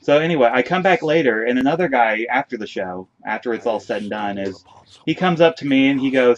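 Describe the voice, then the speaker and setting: A man's voice: medium pitch, brisk, a little hiss or hum. A man co-hosting a podcast, telling a story in casual chat and acting out what others said. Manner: animated, acts out others' lines in the story. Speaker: podcast co-host. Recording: dull lo-fi recording.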